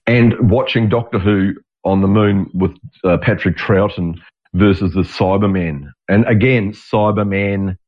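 A man's voice: fairly low pitch, fairly even intonation, a little slow. A man in his sixties hosting his own show in a rambling, digressive monologue, restarting sentences and swearing now and then. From Australia. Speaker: podcast host. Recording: dull lo-fi audio.

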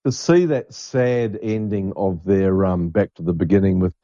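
A man with a low, mellow voice chats eagerly in a podcast, often stumbling and restarting. The recording is dry with a slightly lo-fi sound. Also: no room sound. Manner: enthusiastic, halting, with many restarts. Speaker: podcast co-host. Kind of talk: casual chat.

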